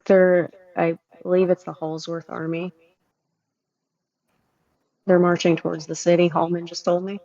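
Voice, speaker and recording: Player, mid pitch, plain and polite, muffled lo-fi line, dry. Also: little pitch movement, measured pace, long pauses, dark tone, no room sound. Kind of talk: casual in-character play.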